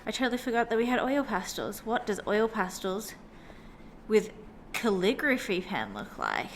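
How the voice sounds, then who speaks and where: A little hiss or hum sits under this woman's medium-pitched, sing-song voice, which moves at normal speed. She's a young illustrator and vlogger sketching at her home desk by a sunny window, chatting casually and rambling with lots of "like."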